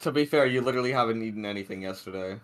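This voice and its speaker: A man's voice: fairly low pitch, very fast, a bit bright. A man co-hosting a game playthrough, chiming in with teasing, laughing remarks. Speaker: co-host. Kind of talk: casual gameplay commentary.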